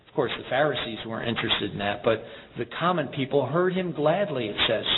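A man delivers a sermon in an earnest, measured way, stopping to read scripture aloud. His voice sits a little high for a man. The recording is thin and phone-like, with steady noise underneath. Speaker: preacher. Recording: tinny phone-like sound with background noise.

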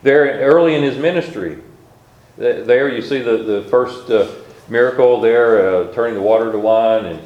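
A man preaching a sermon at a middle pitch. He reads scripture in a slow, measured way, and his voice rings in a reverberant room. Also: lo-fi sound. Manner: reads scripture aloud in old-style wording, slow and measured. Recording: echoey room.

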